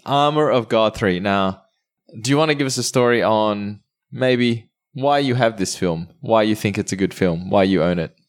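Low-voiced joking podcast host man. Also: normal speed. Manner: jokey, playfully crude banter. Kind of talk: casual podcast chat.

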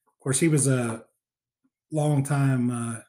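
A man's voice: medium pitch, fairly even intonation, takes it slowly, dark tone. Rambling, filler-heavy man recapping a film. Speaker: podcast co-host. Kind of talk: casual film discussion.

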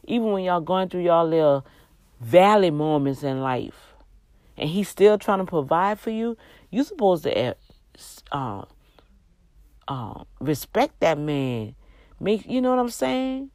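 A woman's voice: fairly low pitch, sing-song, a little mellow, dry recording. Tired woman preaching on a livestream. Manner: exhorting, slow emphatic repeats. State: tired, yawning. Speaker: livestream host giving faith talk. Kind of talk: preachy casual livestream talk.

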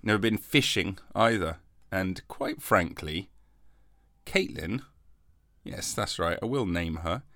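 A man's voice: deep voice, lively intonation, takes it slowly, long pauses, a bit bright, no echo, studio quality. A man hosting a comic solo podcast, rambling and mock-defensive, with a lingering cough after covid. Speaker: podcast host.

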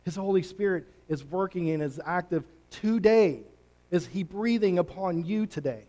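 A pastor preaching a sermon in an energetic, conversational, emphatic way. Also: male voice, sits high, normal speed.

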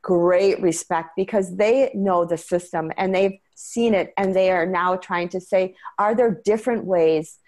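A woman guest in an interview, talking earnestly and quickly, with frequent fillers and restarts. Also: lowish voice, steady tone, darkish tone. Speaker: interview guest, medication-transparency advocate. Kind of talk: conversational interview.

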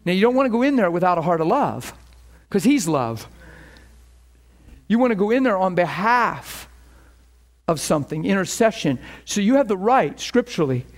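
Guy preaching, kinda high voice, earnest, stumbles and repeats words as he builds his point. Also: very animated, moderate pace, long pauses. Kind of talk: teaching sermon with personal testimony.

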